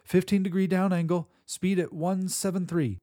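A man's voice: sits high, fairly even intonation, normal speed, dark tone, no echo, studio quality, pitched above the performer's own voice, close to an everyday voice. A man voicing a frightened young ship's cook forced to fly a crashing starship, who gives urgent reports.

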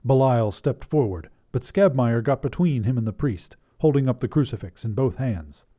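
A man narrating a short story and hosting a fiction podcast in an expressive storytelling delivery. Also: mid-range voice, normal speed, a crowd in the background.

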